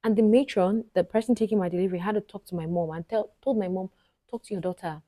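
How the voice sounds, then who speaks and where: A woman's voice: medium pitch, fast talker, warm tone, dry recording. A Nigerian woman vlogger telling a personal story to camera, chatty and often talking straight to her viewers. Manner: chatty, frequently addresses viewers directly.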